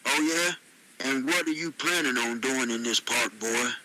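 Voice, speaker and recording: A man's voice: mid-range voice, moderate pace, pushed and bright, poor audio. A synthetic male voice playing a stern, threatening middle-aged boss who scolds and calls the listener "boy".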